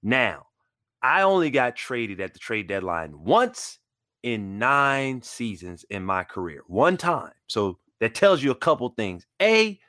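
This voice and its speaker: Man in his forties, lively storyteller, voice leaps up and drops low as he acts out quotes, dry close sound. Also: slow pace, no echo. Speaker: retired basketball player storyteller. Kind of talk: animated storytelling.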